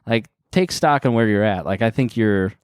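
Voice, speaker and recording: A man's voice: on the low side, normal speed, clear, resonant tone, no echo, clean studio sound. A man co-hosting a comedy podcast, talking earnestly and encouragingly in long run-on points. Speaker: podcast co-host. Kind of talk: casual podcast chat.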